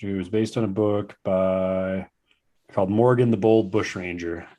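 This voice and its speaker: Low-voiced American man, regular co-host, matter-of-fact casual chat. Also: steady tone, a little slow, dark tone. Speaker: podcast co-host.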